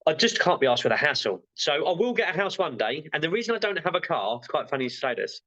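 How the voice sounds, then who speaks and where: A man's voice: fairly high pitch, very animated, quick pace, bright, forceful tone, lo-fi sound. A male therapist being interviewed, talking frankly and rambling with lots of fillers. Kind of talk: casual interview chat.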